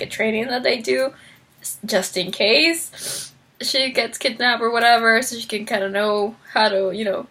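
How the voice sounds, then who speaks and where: A young woman chatting excitedly about a book she loved. Her voice is bright and a touch high, and she jumps up in pitch whenever she acts out a character's line. She laughs easily and fills pauses with "um" and "like". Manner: frequent fillers and laughter. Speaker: book vlogger. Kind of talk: casual book review.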